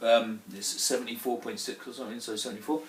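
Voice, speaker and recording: A man's voice: mid-range voice, little pitch movement, fast. Man, casual brew-vlog host, exclamatory and sweary; roomy room sound, faint background hiss. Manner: chatty, sweary, prone to exclamations. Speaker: home brewer. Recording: roomy, distant mic, faint background noise.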